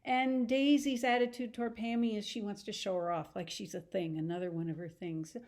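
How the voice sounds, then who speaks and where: A woman teacher retelling a story in a chatty, animated lesson, acting out the scenes as she goes. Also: medium pitch, a little fast. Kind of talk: casual lesson retelling a novel.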